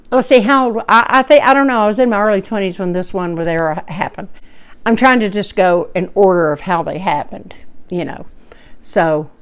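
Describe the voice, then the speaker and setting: Woman in her 50s, folksy vlogger with a smooth, clear tone. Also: mid-range voice. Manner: heartfelt, rambling, folksy. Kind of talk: personal storytelling to camera.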